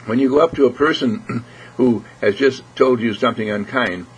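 A man giving an earnest inspirational spiritual talk, repeating phrases and often clearing his throat. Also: medium pitch, normal speed, poor audio. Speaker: spiritual speaker.

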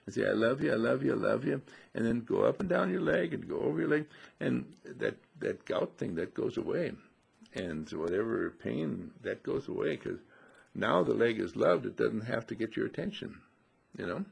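Gravelly husky man telling a story. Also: medium pitch, sing-song, moderate pace. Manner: folksy anecdotal storytelling with quoted dialogue. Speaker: radio host and healing teacher. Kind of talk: storytelling radio talk.

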